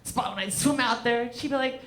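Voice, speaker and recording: A woman performing a stand-up comedy set, deadpan and profane, riffing with the crowd from a club stage. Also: a little high, fairly quick.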